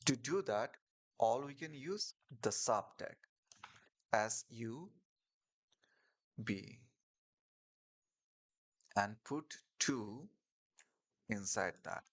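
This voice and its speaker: A coding tutorial instructor leads a screen-share lesson, his mid-range voice animated and fairly bright, with drawn-out words and long pauses. Keyboard clicks accompany his step-by-step explanation, which is full of fillers and restarts.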